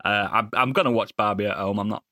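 A man's voice: fairly low pitch, quick pace, sharp tone, no echo, studio quality. A man hosting a podcast in casual chat, joking around and moving the show along. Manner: jokey, moves the show along. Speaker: podcast host.

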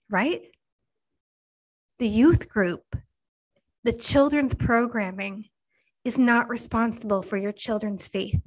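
A woman in her thirties giving an earnest devotional talk to mothers, slow and emphatic, sometimes dropping to a hushed near-whisper. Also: a little high, poor audio. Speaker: Christian speaker to mothers.

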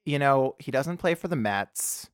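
A man guesting on a podcast, chatting casually, animated and laughing often. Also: medium pitch, unhurried, clean tone, no room sound, clean studio sound. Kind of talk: casual comedic chat.

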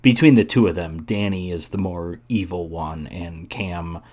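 Male podcast co-host, lowish voice, sarcastic, swears, halting restarts. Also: a little mellow. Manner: sardonic, profane, stumbling restarts. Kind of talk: casual movie discussion.

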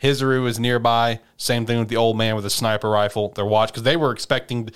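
Guy rambling thru a story recap, lots of "you know", smooth clear voice. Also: mid-range voice, steady tone, fairly quick. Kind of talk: casual chat.

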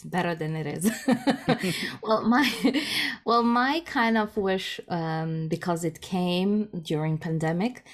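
Rambling, self-deprecating woman on a video call. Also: fairly low pitch. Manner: rambling, many fillers and restarts, self-deprecating. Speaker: podcast guest, improv jam organizer. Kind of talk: conversational interview.

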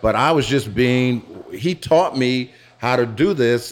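A middle-aged man being interviewed in a pizza restaurant, telling his own story frankly with halting restarts. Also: mid-range voice. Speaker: interviewee, former dancer turned business owner. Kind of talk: candid personal storytelling.

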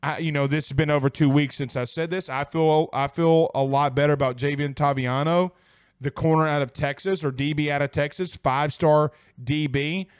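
A man's voice: on the high side, fairly even intonation, moderate pace, smooth, no echo, studio quality. A man hosting a casual sports talk show from home, chatty and rambling, with many restarts and fillers. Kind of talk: casual live-stream chat.

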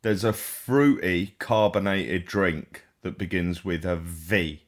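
A man with a Cockney accent co-hosting a podcast in casual chat, an animated storyteller who acts out the people he quotes. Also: low voice, slow. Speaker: podcast co-host.

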